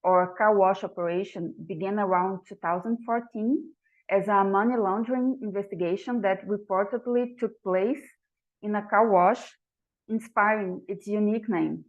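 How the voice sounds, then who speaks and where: A woman's voice: mid-range voice, normal speed, narrow, tinny audio. Woman giving a formal talk. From Brazil. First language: Portuguese. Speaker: guest speaker. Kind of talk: prepared academic presentation.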